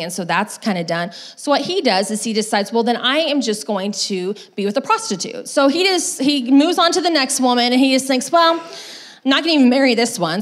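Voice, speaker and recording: A casual, chatty woman pastor preaching. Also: medium pitch. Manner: casual storytelling with many fillers; lively retelling with acted quotes. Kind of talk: sermon.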